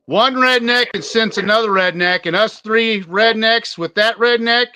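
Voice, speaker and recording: A man's voice: sits high, normal speed, pushed and bright, clear, resonant tone, dry recording. A man co-hosting a casual podcast, swearing freely as he tells rowdy stories. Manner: profane, storytelling, swears a lot. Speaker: podcast co-host.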